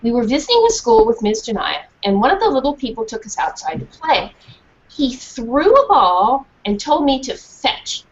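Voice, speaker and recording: A woman's voice: sits high, moderate pace, slight background noise. A woman, a children's author, reading a storybook aloud in a school classroom and asking the class questions. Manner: animated, asks the class questions. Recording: dull lo-fi recording.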